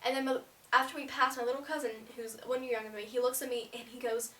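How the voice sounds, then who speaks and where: A high-voiced teenage girl chats through a rambling story for her vlog, sprinkling "like" everywhere. She sits back from the mic in a room with plenty of echo. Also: steady tone, fast, bright, forceful tone, distant mic. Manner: chatty, rambling, fillers of "like". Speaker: vlogger. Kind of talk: casual storytelling. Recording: roomy, away from the mic.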